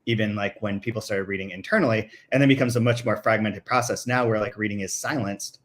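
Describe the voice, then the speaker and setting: A man's voice: on the low side, fairly even intonation, quick pace, a bit bright. A man hosting a podcast, talking loosely about books with many fillers and restarts. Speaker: podcast host. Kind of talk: casual book discussion.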